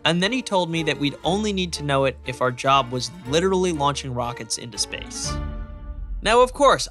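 A young man hosts his podcast in a lively, opinionated narration. His voice sits a little high, and a faint music bed plays beneath him. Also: no echo. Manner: animated, opinionated. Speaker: podcast host.

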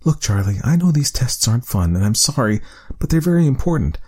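A man's voice: medium pitch, big pitch swings, brisk, husky, voice pushed up. A man putting on a sweet-talking woman doctor. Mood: soothing. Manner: soft, coaxing and friendly. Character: calm, sweet-talking female research doctor.

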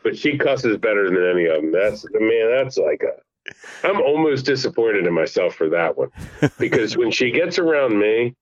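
A middle-aged man phones in as a podcast guest and tells family stories with easy laughter, his fairly low voice rising and falling. He speaks at a normal speed and comes across as an animated, laughing storyteller in casual chat. The phone line makes the audio dull and lo-fi, and the recording is dry.

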